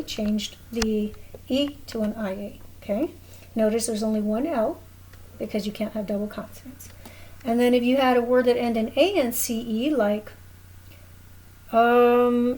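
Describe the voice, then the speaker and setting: A woman's voice: on the high side, dark tone, slight background noise, rough recording. A woman teaching a recorded lesson, explaining patiently at a whiteboard and often checking in with "okay?". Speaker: Spanish teacher.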